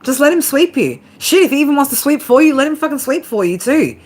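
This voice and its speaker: A woman's voice: sits high, sing-song, fast talker, a little mellow. A woman giving a casual tarot reading to her viewers, swearing freely, laughing often and talking straight to them. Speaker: tarot reader.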